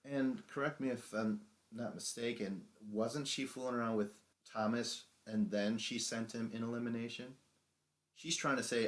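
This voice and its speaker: A man's voice: mid-range voice, fairly even intonation, normal speed. A man hosting a podcast, casually retelling a reality show episode, acting out quotes and laughing often. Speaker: podcast host. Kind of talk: casual podcast recap chat.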